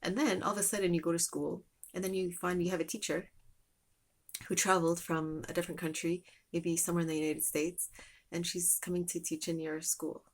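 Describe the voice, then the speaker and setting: A woman's voice: on the low side, little pitch movement, a little fast. A woman telling a meandering, casual story as a lesson, with many fillers and restarts.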